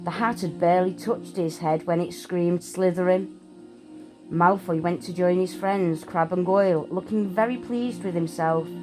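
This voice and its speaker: A woman's voice: on the low side, normal speed, hardly any pauses, music in the background, poor audio. A woman reading a storybook aloud.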